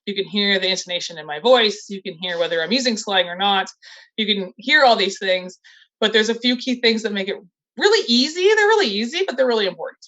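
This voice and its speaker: A woman's voice: medium pitch, fairly quick, fairly bright tone, dull audio. Upbeat woman giving a video-call training. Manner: enthusiastic, encouraging, chatty with frequent "like". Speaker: college recruitment trainer.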